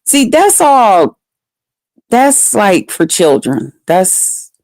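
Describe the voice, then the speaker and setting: A woman's voice: medium pitch, big pitch swings, extremely slow, darkish tone, no room sound. A woman in her fifties chatting live with her viewers. She laughs often and answers them by name. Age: 50s. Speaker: livestreamer. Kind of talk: casual live chat with viewers.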